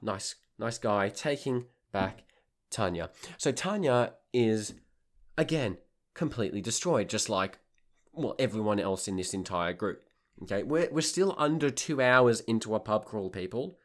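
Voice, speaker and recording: A man, a tour leader and podcast host, telling a comic anecdote in a wry, exasperated and animated way. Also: lowish voice, measured pace.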